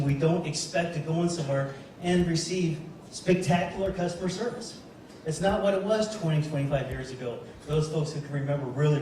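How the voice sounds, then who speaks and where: Man, keynote speaker, storytelling, somewhat high voice, very echoey hall, distant mic. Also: mellow, slight background noise. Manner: storytelling, addresses audience directly. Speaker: motivational speaker. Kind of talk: keynote speech. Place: large event hall.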